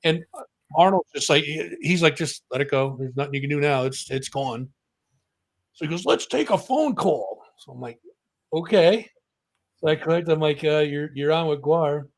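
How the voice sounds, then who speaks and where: This is a man co-hosting a casual music talk show, spinning a long story. His voice sits a little high for a man. He acts out the people he quotes with big pitch jumps. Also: steady tone, moderate pace.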